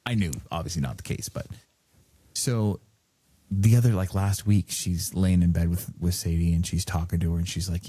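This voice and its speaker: A man's voice: sits low, animated, normal speed, dark tone, slightly rough, dry recording. A man co-hosting a podcast who tells a story in a casual, profane way, laughing as he goes. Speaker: podcast co-host.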